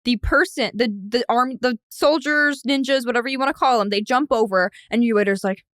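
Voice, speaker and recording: A young woman with a somewhat high voice talks through a podcast chat, rambling and restarting as she paints a scene. Her story runs on "like" after "like". The sound is close and dry. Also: brisk, fairly bright tone, no echo. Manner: rambling storytelling, heavy use of "like". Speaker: co-host.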